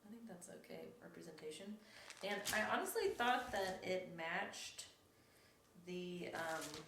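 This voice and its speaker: A woman's voice: fairly low pitch, lively intonation, measured pace, gravelly. A young woman hosting a cross-stitch vlog, chatting casually and rambling, often correcting herself. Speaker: flosstube host. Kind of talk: casual show-and-tell vlog. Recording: echoey room with faint noise.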